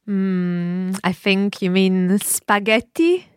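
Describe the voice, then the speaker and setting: A woman's voice: mid-range voice, steady tone, very slow, clear, resonant tone, no echo, clean studio sound. A native Italian woman with an Italian accent, co-hosting a language podcast and modelling careful pronunciation. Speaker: native-speaker co-host. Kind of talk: scripted podcast lesson.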